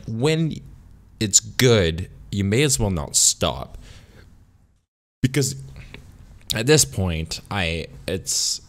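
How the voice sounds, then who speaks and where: A man with a low voice records a vlog by himself with no script, a bit tipsy after a beer. His monologue wanders and he's hard on himself, full of pauses and restarts.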